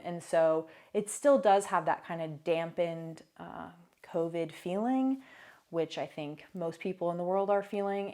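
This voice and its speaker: A young woman talking casually to the camera in her vlog, chatty and full of asides. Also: on the low side. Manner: chatty, many fillers and asides. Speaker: vlogger. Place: new apartment.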